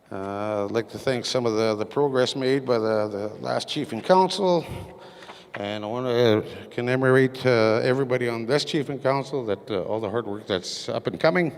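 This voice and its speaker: A man giving a council portfolio report at a community meeting, halting with many fillers and reading from his notes. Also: mid-range voice. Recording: echoey meeting hall reverb.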